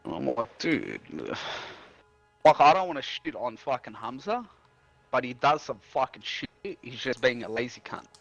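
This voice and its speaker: A man's voice: medium pitch, expressive, normal speed, fairly bright tone, no echo, faint music behind. A man, a streamer and house painter, rambling through a work story full of swearing and acted-out quotes. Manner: rambling, swears a lot, acts out quoted dialogue. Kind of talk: casual storytelling chat.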